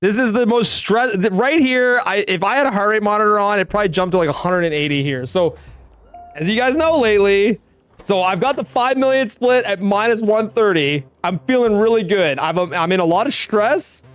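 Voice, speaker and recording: A man's voice: high voice, moderate pace, fairly bright tone, smooth, no room sound. A man streaming, chatting casually as he reacts to his own run, laid-back, swearing and laughing often. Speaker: game streamer.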